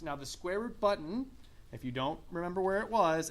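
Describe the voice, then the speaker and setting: A man's voice: sits high, animated, brisk, a bit bright, a little hiss or hum. A man teaching a math lesson in a classroom, asking students questions and repeating their answers. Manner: coughs and clears throat now and then. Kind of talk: classroom lecture.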